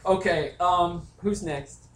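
A man's voice: sits high, slow pace, reverberant, slight background noise. A man running a tabletop game as game master, chatty and laughing often, with frequent ums.

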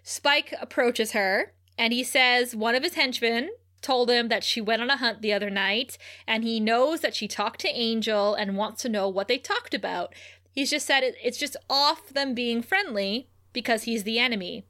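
A young woman co-hosts a casual podcast, retelling scenes with frequent laughter. Her voice is bright and sits a little high. She slips into livelier, higher tones when she acts out what characters say. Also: normal speed. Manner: laughs often, acts out quotes with raised pitch. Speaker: podcast co-host. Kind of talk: casual recap chat.

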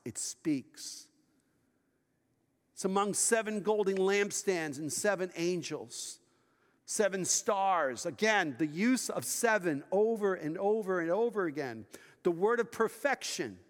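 A male pastor preaching a sermon in a conversational way, asking the congregation questions as he goes. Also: sits high. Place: church sanctuary. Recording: long church reverb.

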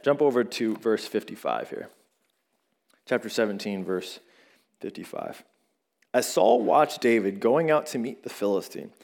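Animated male pastor preaching a sermon. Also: mid-range voice. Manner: animated storytelling with shifting emphasis.

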